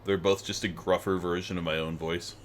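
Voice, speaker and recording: Male streamer, low voice, rambling casual chat. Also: level tone, fairly quick, slight background noise. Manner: rambling, with restarts and tangents.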